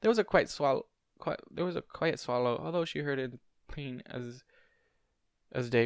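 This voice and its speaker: A man reads a fan story aloud in an amateur audiobook style, with a mid-pitched, ordinary voice. He trips over words and restarts them, and now and then breaks off for a casual aside. The sound is dry and close to the mic. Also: moderate pace, smooth, no echo. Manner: stumbles and corrects himself, adds casual asides. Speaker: fanfiction reader.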